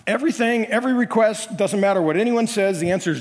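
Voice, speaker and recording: A man's voice: sits high, quick pace. A middle-aged man preaching a sermon as senior pastor, telling personal stories in a conversational way with self-deprecating asides. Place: church sanctuary. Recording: long hall reverb.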